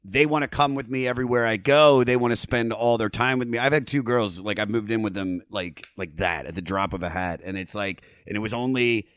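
A man's voice: lowish voice, a little fast, hardly any pauses, a bit bright, no echo, clean studio sound. A man hosting a podcast, chatting in a laid-back way and swearing casually. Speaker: podcast host.

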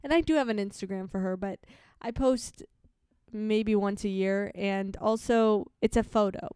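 A woman's voice: medium pitch, moderate pace, dark tone, smooth, no room sound, clean studio sound. A woman co-hosting a podcast in casual chat, giggly and blunt, swearing freely. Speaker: podcast co-host.

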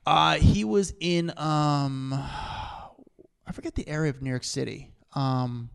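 A man hosting a podcast rambles through his stories with plenty of fillers. His voice sits a little high and crackles with a gravelly fry. He keeps it loose and conversational. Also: takes it slowly. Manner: rambling storyteller, filler-heavy. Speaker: podcast host. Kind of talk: casual podcast chat.

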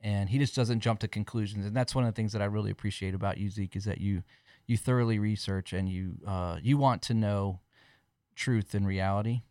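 A man's voice: on the low side, steady tone, brisk, dark tone, smooth, no echo, studio quality. A man hosting a casual podcast, chatty, laughing often and restarting his sentences as he talks. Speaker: podcast host.

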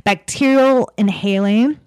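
A woman's voice: mid-range voice, measured pace, darkish tone, smooth, no echo, clean studio sound. A woman co-hosting a casual chat show, chatty and laughing often as she tells stories. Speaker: podcast co-host.

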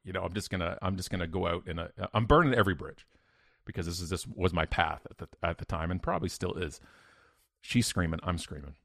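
Guy on a podcast, deep voice, dry close sound, punchy storytelling. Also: fast, creaky, dry recording. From Canada. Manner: emphatic, energetic storyteller with sudden loud bursts. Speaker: podcast guest. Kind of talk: animated storytelling in an interview.

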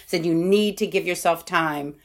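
A woman's voice: on the low side, moderate pace. A woman, a parenting author, giving conversational interview answers in an explanatory way, often saying "you know" and acting out what parents and kids say.

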